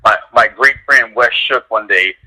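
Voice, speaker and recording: A man guesting on a radio talk show, telling lively stories about his work as a dog trainer and peppering them with "like". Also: moderate pace, low-quality recording. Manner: animated storyteller, heavy use of "like", acts out quotes in a higher voice. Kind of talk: casual radio chat, storytelling.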